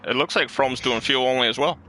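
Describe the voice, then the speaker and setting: A man co-commentating a sim racing league with a bright, forceful voice. He stays laid-back, chuckles often, and talks through pit strategy. Faint noise sits under his voice. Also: medium pitch, a little fast, rough recording.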